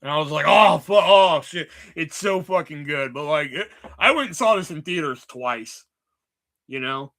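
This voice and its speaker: A man's voice: on the high side, animated, normal speed, bright, forceful tone. A man hosting a livestream, chatting casually about movies in a rambling, sarcastic way full of swearing. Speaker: livestream host.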